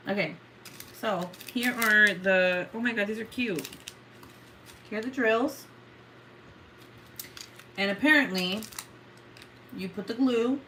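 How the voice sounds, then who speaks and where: A woman's voice: mid-range voice, takes it slowly, long pauses, pushed and bright, a little hiss or hum. A woman hosting a casual livestream, joking with viewers, swearing freely and often breaking into laughter. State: coughing. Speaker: livestream host.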